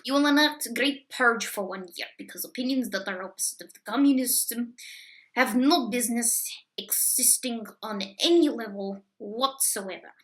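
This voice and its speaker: Woman doing a deadpan fake-Russian commissar. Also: on the high side, close to an everyday voice, low-quality recording. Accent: put-on fake Russian accent. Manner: deadpan, menacing, crude. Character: gloomy cruel Russian woman party official. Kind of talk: comedic character sketch.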